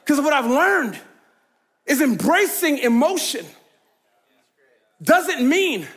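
A man's voice: very high voice, big pitch swings, takes it slowly, a bit bright. A man preaching a sermon as pastor, emphatic and conversational, calling out to the congregation and laughing easily.

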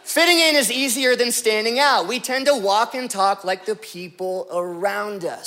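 A man preaching as a pastor, telling jokey stories and slipping into put-on voices before making his point. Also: sits high. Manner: joking, animated storytelling with put-on voices. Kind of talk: comedic sermon.

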